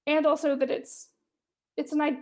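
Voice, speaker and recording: High-pitched woman who stutters. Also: flat delivery, normal speed. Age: late 20s. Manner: stutters, with repeated words and blocks; thoughtful, with soft fillers. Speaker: poet and speaker. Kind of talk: reflective talk at an online event.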